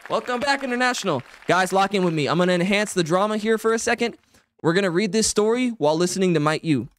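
A young man hosting a live stream, excitable and jokey, hyping up his chat with mock-dramatic yelling. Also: sits high, fast talker, a faint crowd. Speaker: livestreamer. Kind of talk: live-stream chat and fan fiction reading.

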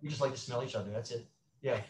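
A middle-aged man, a sex therapist, talking as a guest in an interview, animated and acting out quotes with many restarts. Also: mid-range voice, racing. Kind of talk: conversational interview. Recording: roomy echo.

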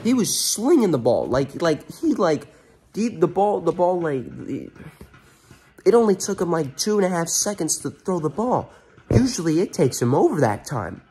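A man's voice: on the high side, sing-song, moderate pace, warm tone, slightly rough. A man hosting his own sports fan channel, ranting angrily after a game and repeating himself for emphasis. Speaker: sports fan vlog host.

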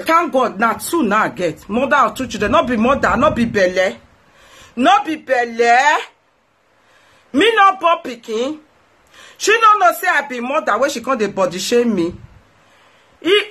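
A woman's voice: fairly high pitch, sharp tone, slightly rough. Scolding Nigerian woman ranting to followers. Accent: Nigerian Pidgin. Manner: scolding, indignant, repeats phrases for emphasis. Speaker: host.

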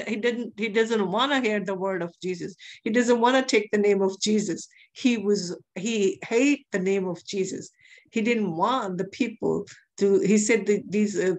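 A woman preaching a sermon, telling a testimony in an earnest way and repeating phrases for emphasis. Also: medium pitch.

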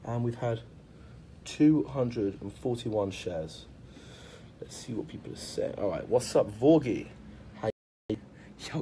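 A magician hosting a live stream, reading viewer comments aloud in casual, upbeat chat and hyping the audience, with lots of "um" and "like.". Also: male voice, lowish voice, animated, slow pace, pauses often, dark tone, a little hiss or hum. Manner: upbeat, hypes viewers, many fillers like "um" and "like". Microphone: phone or laptop live stream.

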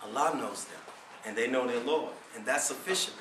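A man delivering a Friday sermon as preacher. He speaks with passion, asks many rhetorical questions, and swells to near-shouts. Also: medium pitch, normal speed, slight background noise. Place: prayer hall. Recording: echoey room, voice from far off.

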